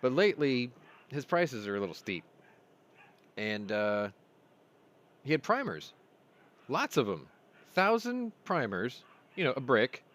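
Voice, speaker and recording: A man's voice: mid-range voice, fairly bright tone. A man hosting a casual stream, rambling through stories and laughing at his own jokes. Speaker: host. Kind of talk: casual live-stream chat.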